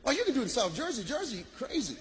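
A man doing a stand-up routine, working the crowd loudly with shouts and laughter. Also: extremely high pitch, racing, breathy edge. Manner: loud, animated, bursts of shouting and laughter. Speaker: stand-up comedian. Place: live comedy venue. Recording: live crowd and room noise.

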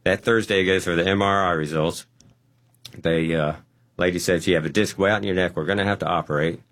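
A man telling a personal testimony story, animated and acting out the quotes. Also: low voice, quick pace. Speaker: guest.

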